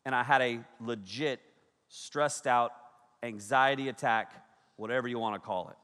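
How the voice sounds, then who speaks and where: Bright-voiced youth pastor in a reverberant hall. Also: male voice, medium pitch, moderate pace. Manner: animated storytelling, shouting quoted lines, frequent laughs. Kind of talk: youth sermon. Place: large hall with a big audience. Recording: echoey hall with long reverb.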